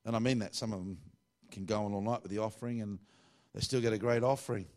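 A man's voice: on the low side, fairly even intonation, fast talker, a little mellow. A man preaching a sermon at a church meeting with an audience. He speaks in a chatty, self-mocking way, full of joking asides.

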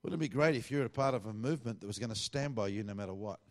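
Middle-aged pastor, lowish voice, chatty sermon storytelling. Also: male voice, racing. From Australia. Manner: conversational, animated storytelling with quoted dialogue.

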